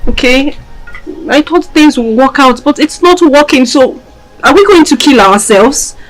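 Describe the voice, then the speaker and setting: A woman playing a young wife who gently comforts and reassures her husband. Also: sits high, expressive, measured pace, soft background music. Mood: soothing. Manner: soothing, reassuring.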